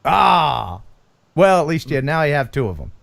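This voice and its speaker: A man's voice: fairly high pitch, sing-song, moderate pace, creaky, fairly bright tone. An American man hosting a casual live stream, joking around and reading chat comments aloud. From United States. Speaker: host.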